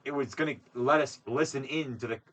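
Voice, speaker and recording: A man's voice: mid-range voice, brisk, fairly bright tone. A young man co-hosting a podcast, rambling through a story with lots of fillers and swearing. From Wisconsin. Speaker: podcast co-host. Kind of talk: casual chat.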